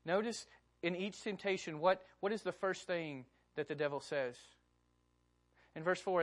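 A woman's voice: lowish voice, moderate pace. A woman preacher delivering a sermon, emphatic and repeating key phrases with rhetorical questions.

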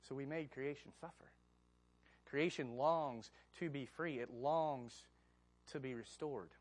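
A pastor preaches slowly in a medium-pitched voice. His sermon is conversational and animated, and he often puts questions to the congregation.

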